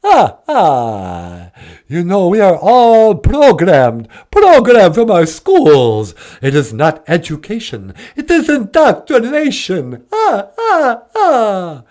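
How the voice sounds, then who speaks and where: A man's voice: high voice, huge pitch swings, slow, darkish tone, pitched above the performer's own voice, full character voice. A man doing a put-on Transylvanian accent as a theatrical male vampire count who is obsessed with counting and laughs "ah, ah, ah".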